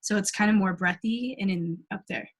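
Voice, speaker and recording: A woman's voice: mid-range voice, brisk, husky. A young woman casually leading a singing class, chatty and giggly, with lots of ums and likes and short sung demonstrations. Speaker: singing workshop leader.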